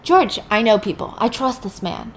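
A woman's voice: fairly high pitch, expressive, moderate pace, slight background noise, natural voice. A woman voicing a tense, shaken male federal marshal who asks urgent questions.

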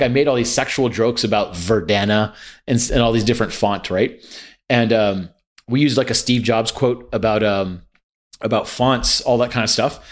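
A man talking as a guest in a casual chat, reminiscing in a loose, chatty way full of fillers. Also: medium pitch. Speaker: podcast guest.

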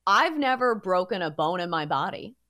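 A woman's voice: lowish voice, very animated, normal speed, pushed and bright. A young woman hosting a sports betting podcast, chatting playfully and saying "like" often. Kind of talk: casual chat.

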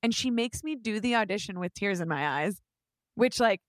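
A young woman in her twenties, co-hosting a casual chat and telling a story with lively acted-out quotes. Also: mid-range voice, normal speed, no room sound. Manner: animated storytelling, acting out quotes.

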